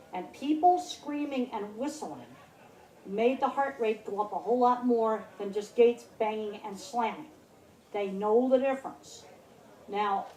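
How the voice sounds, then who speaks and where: A woman's voice: on the high side, warm tone. A woman in her sixties giving a blunt, emphatic public talk at an outdoor country fair, repeating words for stress. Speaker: speaker. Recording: roomy, distant mic, faint noise.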